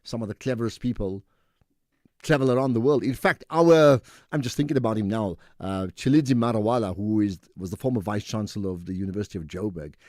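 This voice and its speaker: Radio host guy, lowish voice, dry studio sound, argues with callers. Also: darkish tone, no echo. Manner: conversational, rebuts callers directly. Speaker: radio talk show host. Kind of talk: call-in radio talk. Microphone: studio microphone.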